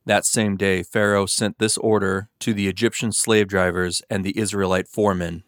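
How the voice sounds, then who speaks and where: A man reads scripture aloud in a steady, even narration. His voice is low and recorded dry and close. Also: normal speed, dry recording. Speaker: scripture reader. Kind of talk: scripted Bible reading.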